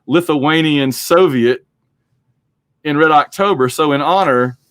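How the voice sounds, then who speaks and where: A man's voice: fairly high pitch, unhurried, a bit bright, dry recording. A man hosting a podcast, chatting casually and rambling through a movie discussion. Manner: rambling, chatty, acts out quotes. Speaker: podcast host.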